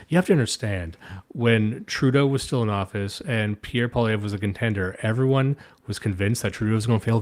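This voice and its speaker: A fairly low-voiced man from Canada, hosting a livestream in loose, rambling political chat. He swears freely and breaks into laughs between his points. His delivery is casual and meandering. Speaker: stream host.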